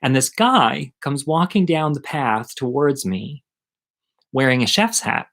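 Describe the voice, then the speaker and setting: A middle-aged man telling a personal story at home in a chatty, animated, self-mocking way. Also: medium pitch, a little slow. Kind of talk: casual storytelling monologue.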